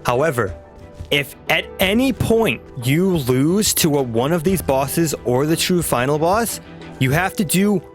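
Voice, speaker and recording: A man's voice: a little high, expressive, a little slow, soft background music. A man casually commenting on a video game he plays, rambling and trailing off. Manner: rambling, chuckling, trails off mid-sentence. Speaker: let's play host.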